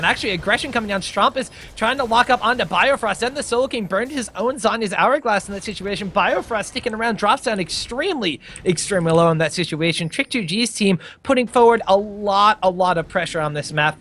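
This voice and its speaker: A man casting a live esports match with a strikingly high, bright voice. He calls the action in a rapid, excited play-by-play, piling one event on the next. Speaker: play-by-play caster.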